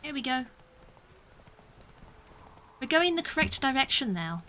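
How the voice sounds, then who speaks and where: A woman's voice: high-pitched, very animated, a little slow, pushed and bright. A young British woman streaming a game, chatting casually, mocking herself and laughing often. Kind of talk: casual gameplay commentary.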